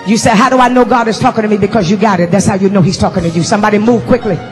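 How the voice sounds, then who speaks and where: A woman preaching a live sermon to a congregation in a church building, moving from low, steady talk to shouted, sing-song exhortation. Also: rapid-fire, in a large hall, soft background music. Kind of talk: live sermon with donation appeals.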